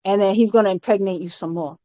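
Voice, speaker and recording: A woman giving an informal doctrinal teaching. She is emphatic and halting, with many fillers and repeated words, and often ends her points with "all right?". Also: mid-range voice, dark tone, no room sound. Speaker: spiritual teacher. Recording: dull, lo-fi, dry recording.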